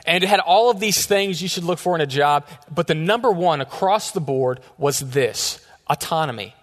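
A man in his thirties, a youth pastor preaching a sermon in a casual, joking storytelling way. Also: a little high. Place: church sanctuary. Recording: echoey church hall.

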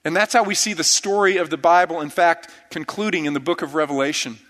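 A man's voice: a little high, fast, a bit bright. A man preaching an earnest, reverent sermon as pastor. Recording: church sanctuary with long reverb.

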